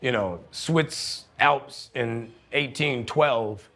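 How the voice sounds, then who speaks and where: A man, telling profane, animated stories as a guest on a casual podcast. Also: medium pitch, drawn-out words, gravelly. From New Orleans, USA. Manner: animated, profane storytelling with frequent laughter. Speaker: guest actor. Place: podcast studio.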